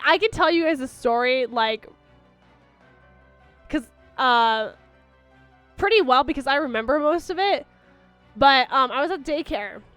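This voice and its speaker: A woman's voice: sits high, fairly bright tone, smooth, no room sound. A young woman streamer chatting casually with her viewers, rambling with lots of fillers and restarts. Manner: baby-talk to her dog.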